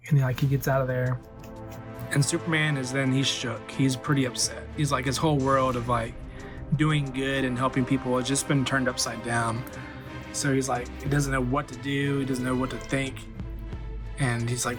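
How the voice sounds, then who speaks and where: A man's voice: mid-range voice, little pitch movement, moderate pace, over music. A man in his forties, a toy collector hosting a video, recapping a movie casually with lots of fillers. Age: 40s. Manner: rambling, many fillers.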